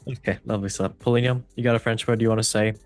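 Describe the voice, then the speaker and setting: A low-voiced man hosts a casual football podcast, running through results in an upbeat, breezy manner. The sound is dry and close to the mic. Faint music plays in the background. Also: fairly even intonation, racing, no room sound. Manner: upbeat, breezy, repeats stock phrases. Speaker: host.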